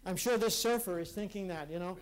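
A man whose voice sits fairly high gives a personal, reflective talk before a conference audience, recorded live in a hall. Earnest in manner, he speaks haltingly and frequently restarts what he's saying.

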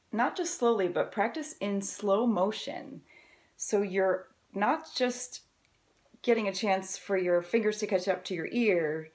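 A woman's voice: medium pitch, a little mellow. Upbeat woman violin teacher. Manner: upbeat, encouraging, explains step by step. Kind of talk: friendly music lesson to camera.

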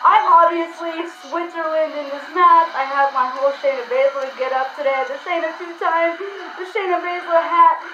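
A young woman hosting a casual wrestling reaction vlog, talking fast and excitedly, rambling with lots of fillers. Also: very high-pitched. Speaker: wrestling reaction channel host. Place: room at home. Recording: echoey room, slightly dull sound, faint noise.

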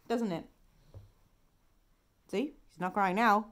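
A mother's high, bouncing voice that swoops up and down as she coos silly sing-song baby talk. She takes her time and stays playful and giggly throughout. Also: big pitch swings, takes it slowly, long pauses. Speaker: vlogger and mother.

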